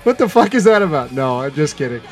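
A man's voice: fairly high pitch, sing-song, fast. Profane laughing podcast co-host, a man. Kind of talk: casual crude banter.

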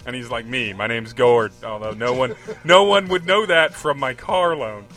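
A man guesting on a podcast, telling a halting, deadpan dark joke in casual chat. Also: medium pitch, faint music behind. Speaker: podcast guest, band member.

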